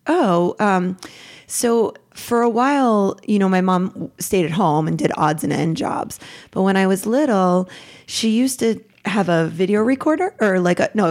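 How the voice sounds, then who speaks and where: A woman in her forties, a podcast guest, talking candidly and haltingly about painful memories, with nervous laughs to lighten things. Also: mid-range voice, darkish tone. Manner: halting, emotional, self-deprecating, laughs through hard moments. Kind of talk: candid personal interview.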